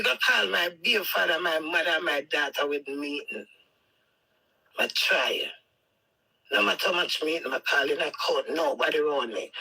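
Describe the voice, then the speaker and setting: A woman's voice: mid-range voice, creaky, bright, forceful tone, breathy edge, poor audio. A woman with a Jamaican accent, talking straight at her husband in a heated, scolding rant that circles back on itself. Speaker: wife addressing her husband.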